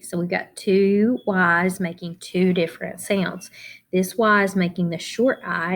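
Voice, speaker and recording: A middle-aged woman teaching a children's phonics lesson, slowly and deliberately spelling out letters and syllables. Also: on the low side.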